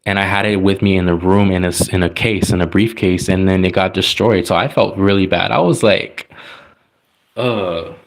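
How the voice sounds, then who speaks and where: A man's voice: deep voice, fairly even intonation, fairly quick, few pauses, a little hiss or hum. A man telling a personal story in casual, rambling talk, full of likes and restarts. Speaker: tarot reader.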